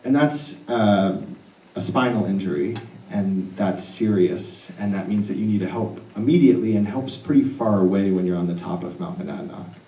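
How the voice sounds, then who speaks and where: A man telling a true personal story live on stage, earnest and animated with laughing asides. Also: fairly low pitch, moderate pace. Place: stage in an arts center hall. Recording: roomy hall audio picked up from a distance.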